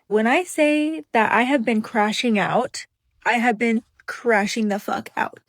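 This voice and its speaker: A woman's voice: mid-range voice, no room sound. Blunt frustrated young-sounding woman. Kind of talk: casual confessional vlog.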